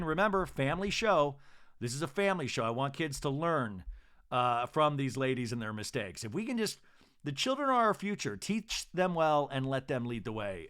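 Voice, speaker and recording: Animated, bright-voiced comedic man. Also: fairly high pitch, smooth. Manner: campy, chatty, full of asides and fillers. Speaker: podcast host. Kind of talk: comedic episode recap.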